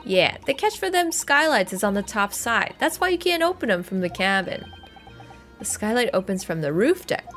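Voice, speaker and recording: A woman's voice: mid-range voice, big pitch swings, moderate pace, fairly bright tone, soft background music. A woman voicing a cheeky young female street pickpocket, brash and slangy. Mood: boastful.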